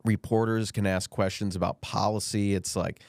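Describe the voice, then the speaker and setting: A man co-hosting a podcast, delivering sarcastic political banter in a mock-outraged tone that swings into high mocking voices. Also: steady tone, normal speed, gravelly, a little mellow, no room sound. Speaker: podcast co-host.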